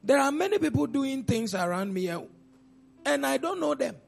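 A man preaching a sermon as pastor, with pointed rhetorical questions and sudden loud outbursts. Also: very high-pitched, big pitch swings, normal speed, vocal fry, soft background music.

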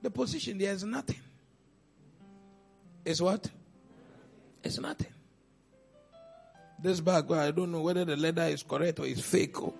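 High gravelly preacher man. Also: normal speed, long pauses, faint music behind. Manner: preaching with rhetorical questions and sudden loud outbursts. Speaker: pastor. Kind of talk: sermon.

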